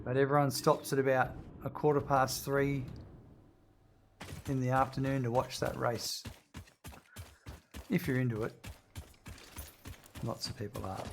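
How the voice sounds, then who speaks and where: A man's voice: mid-range voice, level tone, unhurried, vocal fry, long pauses, slight background noise. A man talks in a loose, rambling way as he plays a game tutorial on stream. He drifts between small talk and the game, and stops now and then to read out viewer messages. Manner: rambling, reads out viewer chat. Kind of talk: casual chat while playing.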